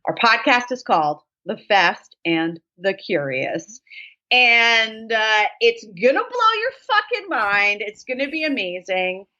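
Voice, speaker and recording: A woman's voice: a little high, takes it slowly. A woman guest in casual chat, telling jokey stories with plenty of swearing. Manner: profane, jokey, animated storytelling. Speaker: podcast guest. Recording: dull lo-fi sound.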